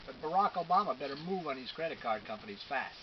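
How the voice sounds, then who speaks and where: A man's voice: mid-range voice, animated, fast, dull audio, background noise. A man co-hosting a talk show, chiming in with blunt, emphatic remarks. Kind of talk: casual talk-show chat.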